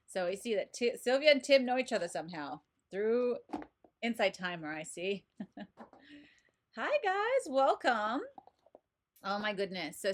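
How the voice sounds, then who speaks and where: A woman's voice: a little high, slight background noise. A woman in her thirties hosting a casual live stream as a card reader, bubbly and chatty, greeting viewers by name from her home desk. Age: 30s. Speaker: livestream host and oracle card reader.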